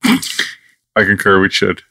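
Low-voiced wry male podcast co-host. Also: very animated, takes it slowly, gravelly, bright, forceful tone. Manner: dry, wry, sleepy quips. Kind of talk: casual chat.

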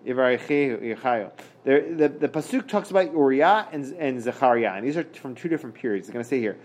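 Halting man teaching a Talmud page. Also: a little high, animated, a little mellow. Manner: halting, many fillers and restarts, reads Hebrew then translates. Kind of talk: casual daf study lesson.

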